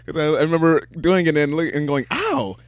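A man chatting casually as a co-host, telling lively stories and swearing freely. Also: on the high side, fast, clean tone, no room sound, studio quality. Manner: animated storyteller, swears freely. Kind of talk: casual chat.

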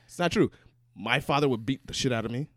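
A young man co-hosting a casual podcast chat, telling stories with quick, animated asides. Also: medium pitch, dry recording, clean studio sound. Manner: fast, animated storytelling with asides. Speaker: podcast co-host.

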